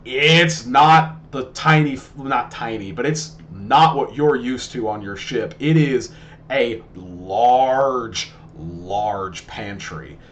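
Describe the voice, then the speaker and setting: A man narrating as game master of a tabletop game, talking in a halting way with many restarts. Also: medium pitch, animated, fairly bright tone, slight background noise.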